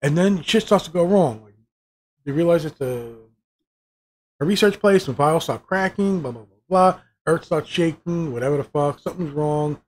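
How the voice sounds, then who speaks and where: A man's voice: on the high side, lively intonation, moderate pace. A man giving a profane, exasperated review of a TV season, swearing constantly and mocking the characters' lines. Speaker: show reviewer.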